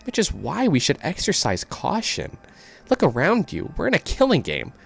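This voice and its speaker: A man's voice: a little high, wildly swooping pitch, moderate pace, creaky, breathy edge, voice pushed up, full character voice. A man voicing a cautious, earnest young guy. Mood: serious. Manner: earnest, warning.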